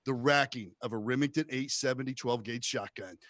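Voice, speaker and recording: A male comedian from the rural United States telling a long story stand-up style, acting out the shouted quotes. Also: mid-range voice, brisk, dry recording. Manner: animated storyteller who acts out shouted quotes.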